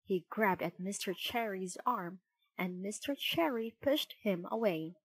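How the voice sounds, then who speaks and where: A woman narrating a children's storybook in a clear, measured reading. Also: mid-range voice, expressive, slight background noise, low-quality recording.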